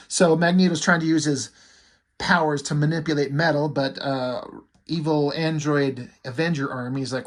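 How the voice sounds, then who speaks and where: A man's voice: on the high side, fairly even intonation, moderate pace. A man casually reviewing a comic book, reading out its dialogue and giving blunt, profane asides.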